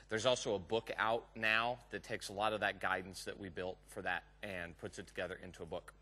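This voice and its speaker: A man's voice: medium pitch, sharp tone. A man from Texas with a Southern accent gives a live technical conference talk, chatty and joking with the audience in the room. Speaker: conference speaker.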